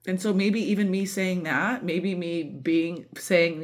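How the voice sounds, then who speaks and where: A woman's voice: lowish voice, fairly even intonation, slow. A woman giving a casual tarot reading, emotional and candid, swearing freely and talking with lots of fillers. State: voice breaking with emotion. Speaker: tarot reader.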